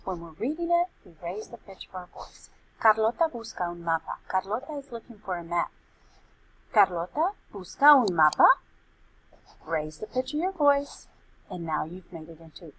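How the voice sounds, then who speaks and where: A woman as a Spanish teacher, explaining grammar in a clear, explanatory tone and reading example sentences aloud. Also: medium pitch, slight background noise, rough recording. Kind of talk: recorded grammar lesson.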